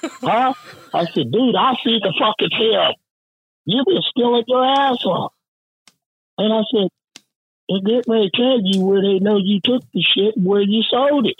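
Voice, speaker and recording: A man's voice: high-pitched, moderate pace, long pauses, breathy edge, phone-quality sound. A man telling a workplace story in casual, profane talk, acting out the people in it with lots of swearing. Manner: profane, animated, acts out quoted voices. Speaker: union representative telling a story.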